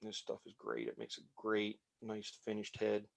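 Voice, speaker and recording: Low gravelly guy tying flies and chatting as he goes, laid back. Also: normal speed. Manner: relaxed, rambling, talks while working. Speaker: fly tying instructor. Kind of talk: casual tying demonstration.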